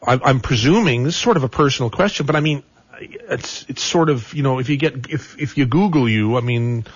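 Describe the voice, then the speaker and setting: A man's voice: medium pitch, lively intonation, brisk, husky, dry recording, highs cut off. A man hosting a casual interview, rambling and often repeating words as he looks for the right phrasing. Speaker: interview host.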